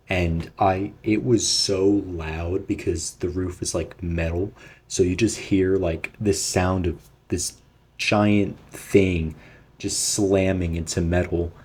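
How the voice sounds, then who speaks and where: A man's voice: low-pitched, a little mellow, husky. A young man telling a storytime vlog in a casual, rambling, profane way. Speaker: vlogger.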